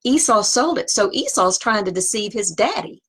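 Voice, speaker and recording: Husky-voiced woman teaching scripture. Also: medium pitch, expressive, moderate pace, a bit bright. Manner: conversational, digressive, with asides. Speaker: Bible teacher.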